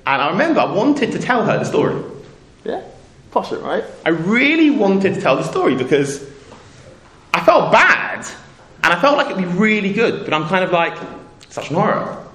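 A man's voice: high-pitched, very animated, moderate pace, a bit bright. A middle-aged man from England telling a casual anecdote with a moral, rambling and cutting himself off, acting out the voices he quotes. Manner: rambling, self-interrupting, acts out quoted voices. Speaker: storyteller speaking to a community audience. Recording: roomy echo.

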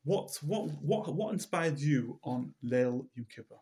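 Revered rebbe, soft and inquiring, quoted by a male teacher. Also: mid-range voice, animated, measured pace, close to an everyday voice. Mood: gentle. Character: revered male Hasidic rebbe, gentle and curious.

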